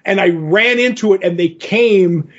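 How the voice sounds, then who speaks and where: Podcast co-host: a man with a husky, fairly high voice who tells stories in a rambling way. The audio is dull and lo-fi. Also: a little slow. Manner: rambling, animated storytelling with fillers. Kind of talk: casual chat, retelling a comic story.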